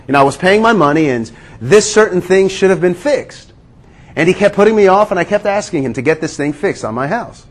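A man preaching a sermon, earnest and questioning his listeners, slowing down to stress key words. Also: fairly high pitch. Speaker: pastor.

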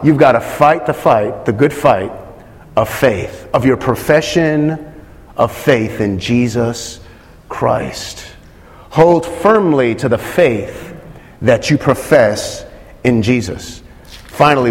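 A man's voice: mid-range voice, slow, big-room sound. A man preaching a sermon, emphatic, repeating phrases and putting questions to his listeners.

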